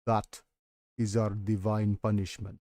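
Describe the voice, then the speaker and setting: A man voicing an old, whiskered male record keeper in a put-on Russian accent over his own Nigerian one, speaking slowly and solemnly. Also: fairly low pitch, flat delivery, a little mellow, no echo, studio quality, voice pushed down, lightly acted. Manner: slow, solemn, heavy pronouncements.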